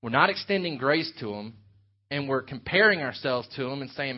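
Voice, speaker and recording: A man's voice: on the high side, brisk. A man preaching an earnest sermon, working through a scripture passage for his congregation. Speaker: pastor. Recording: dull lo-fi sound.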